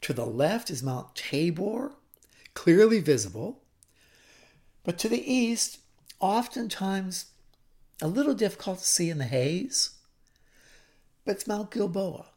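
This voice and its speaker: A man teaching a scripture story dramatically, shifting between loud emphasis and hushed whispers. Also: sits high, big pitch swings, slow pace, pauses often. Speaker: Bible teacher.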